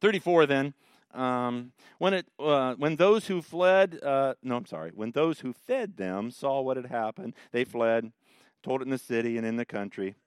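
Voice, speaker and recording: A man's voice: mid-range voice, normal speed, smooth, no room sound, clean studio sound. Folksy man teaching a Bible study. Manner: folksy storytelling with lively jokes. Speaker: pastor leading a Bible study.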